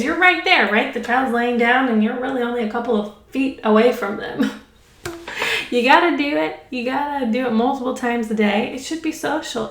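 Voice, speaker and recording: Upbeat woman teaching, roomy and distant. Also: a little high. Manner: upbeat, encouraging, laughs often. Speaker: speech therapist. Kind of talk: instructional talk to parents. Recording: roomy sound, mic at a distance.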